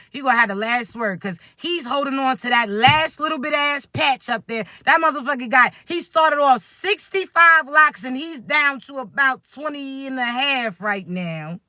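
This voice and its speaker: A man giving a casual spiritual reading to his viewers, slangy and animated, who keeps asking if they understand. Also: very high-pitched, normal speed, few pauses, no echo, clean studio sound. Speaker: spiritual reader.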